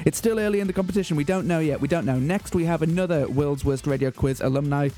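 This radio host presents his community show from a studio with deadpan comedy, announcing in an earnest, mock-grand way. He talks fast, and his voice sits on the high side with a dark tone.

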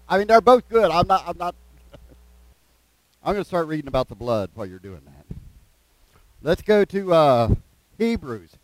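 A man's voice: a little high, very animated, a little slow, pauses often, no room sound, low-quality recording. Man, preacher, folksy sermon, scripture reading, close dry sound. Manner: folksy, repeats phrases, asides between verses.

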